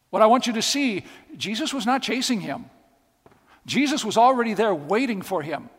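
A man preaching a sermon, telling stories with emphatic, repeated phrases. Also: high-pitched. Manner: storytelling, emphatic and repetitive. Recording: long hall reverb.

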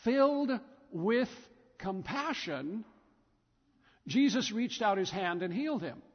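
A man's voice: sits high, lively intonation, takes it slowly. A man preaching a sermon in a church, telling the story emphatically with lots of repetition. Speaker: pastor. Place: church sanctuary. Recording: dull recording with long church reverb.

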